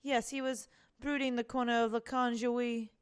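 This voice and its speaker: A woman voicing a polite, refined young female bird who speaks softly and courteously. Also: fairly high pitch, little pitch movement, moderate pace, clear, resonant tone, lightly acted. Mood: gentle. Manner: gentle, soft, courteous.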